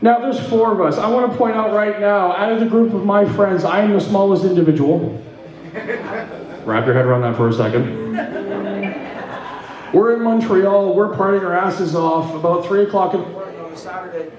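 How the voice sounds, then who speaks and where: Middle-aged guy from ontario doing standup, pretty high voice, swears a lot, big echo off the club. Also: moderate pace, a crowd in the background. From Ontario, Canada. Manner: profane, laughing between punchlines. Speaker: stand-up comedian. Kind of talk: stand-up comedy storytelling.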